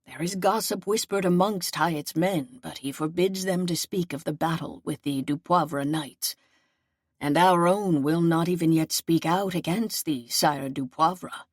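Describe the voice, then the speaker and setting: Woman voicing an old wounded seneschal, low, solemn and fatherly, for an audiobook, dry recording. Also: a little slow, dry recording. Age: older. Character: aging wounded male seneschal, gentle and loyal.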